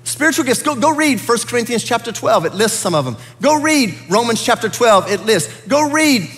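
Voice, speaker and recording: A man with a high voice preaching a sermon in a church sanctuary. He talks earnestly and builds up to emphatic peaks. His words ring out with the long reverb of a big hall. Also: big pitch swings, normal speed, a bit bright, faint music behind. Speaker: pastor.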